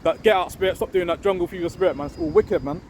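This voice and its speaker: A man giving an informal, rambling religious talk. He tags nearly every phrase with "man" or "innit" and reads scripture slowly and loudly. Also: high voice. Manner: reads scripture slow and loud. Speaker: street preacher. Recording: windy outdoor recording with wind noise on the mic.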